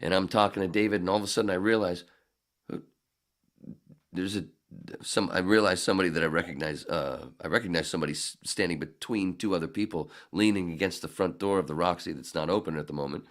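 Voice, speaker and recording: Deep-voiced man telling profane stories. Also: fast. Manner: animated, profane, laughs through his anecdotes. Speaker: podcast guest. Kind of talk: casual storytelling.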